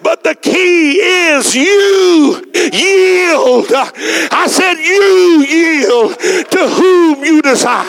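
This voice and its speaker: A man, shouting out fervent lines and stretching his words slowly. He calls on the congregation to answer back in a church service. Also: very high voice, lively intonation, creaky. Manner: shouting, fervent, drawn-out exclamations. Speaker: preacher. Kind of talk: sermon with congregation call-and-response. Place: church sanctuary.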